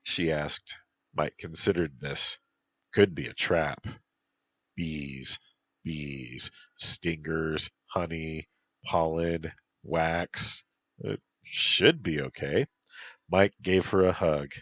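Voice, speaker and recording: A man calmly narrating a story as an audiobook. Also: extremely low pitch, takes it slowly, husky, dry recording.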